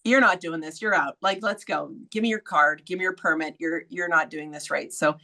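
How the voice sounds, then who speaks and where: A woman hosting a podcast, telling a story in a casual, blunt way, swearing freely and acting out quoted voices with sudden high jumps. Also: moderate pace, bright, forceful tone. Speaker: podcast host.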